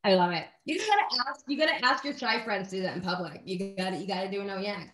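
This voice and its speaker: A woman's voice: mid-range voice, animated, fast. A young woman chatting casually as a radio guest, bubbly and rambling, with jokey asides. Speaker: guest, band singer and music manager. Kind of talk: casual radio interview chat.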